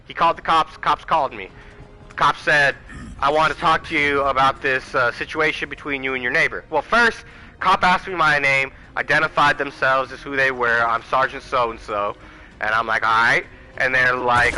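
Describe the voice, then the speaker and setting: A man's voice: on the high side, bright, forceful tone, rough recording. A man hosting his own channel, delivering a heated, profane political rant and addressing viewers directly as y'all. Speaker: channel host. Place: Arizona home.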